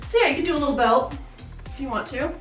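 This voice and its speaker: A fashion vlogger in her thirties does a casual try-on haul, chatting bubbly and fast in a high-pitched, animated voice and laughing often. The room is echoey, with faint background music.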